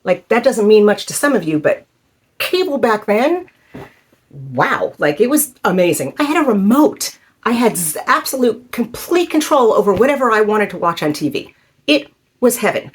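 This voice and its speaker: Woman in her fifties, personal vlog story, halting, emotional, many fillers. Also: mid-range voice, very animated, husky. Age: 50s. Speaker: vlogger.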